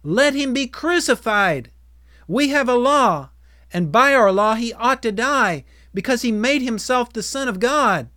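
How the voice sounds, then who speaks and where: A man voicing an angry mob in a dramatized scripture reading, shouting forcefully. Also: very high voice, lively intonation, measured pace, no room sound, clean studio sound, voice pushed up, exaggerated voice.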